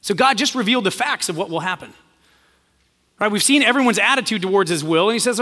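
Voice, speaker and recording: A male preacher with a high, bright voice delivers a sermon and retells the story, voicing its quotes in an easy conversational way. His voice carries a long reverb from a church hall. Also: lively intonation, quick pace. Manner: storytelling, acts out quoted lines in a casual voice.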